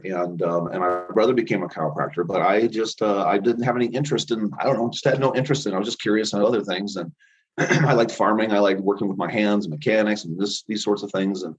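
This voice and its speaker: A middle-aged man telling rambling stories about his path to healing work, often acting out the voices of people he quotes. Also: fairly low pitch. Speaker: interview guest, chiropractor and healer. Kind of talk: casual storytelling interview. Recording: dull lo-fi audio.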